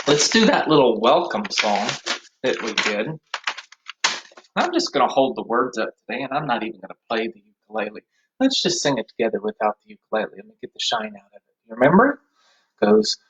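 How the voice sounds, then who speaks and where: A man teaching an online music lesson to young children, speaking gently and encouragingly. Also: medium pitch, very animated, normal speed, breathy edge. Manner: gentle, encouraging, sings simple songs with kids. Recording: roomy, slightly dull home video audio.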